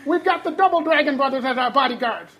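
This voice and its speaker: A performer voicing Pac-Man as a frantic, hot-headed husband, talking in shrill bursts and laughing through his lines. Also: fast, a bit bright. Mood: indignant. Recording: audience laughter and noise behind.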